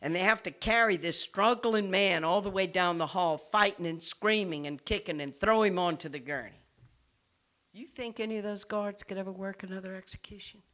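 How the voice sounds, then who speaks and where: An earnest woman, a nun, gives an impassioned talk to a roomful of listeners. Her voice is bright and forceful. She moves between ringing emphasis and near-whispered intensity. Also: mid-range voice, brisk. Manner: earnest, swings from forceful to hushed. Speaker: nun speaking to an audience. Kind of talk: impassioned public speech. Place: room with a live audience.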